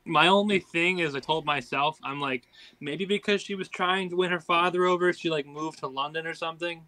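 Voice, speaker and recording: Bright-voiced male podcast co-host. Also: on the high side, a little fast, no room sound. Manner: chatty, laughs between remarks. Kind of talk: casual podcast chat. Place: podcast studio.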